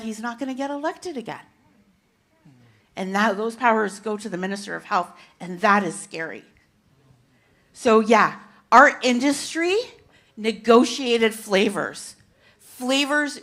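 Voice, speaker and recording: A middle-aged woman gives a fired-up talk at a panel, her voice sitting a touch high for a woman. She speaks emphatically, often breaking off and restarting her sentences as she pushes her point. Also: a bit bright. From Canada. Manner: impassioned, emphatic, with frequent restarts. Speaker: consumer advocate speaker. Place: conference event hall.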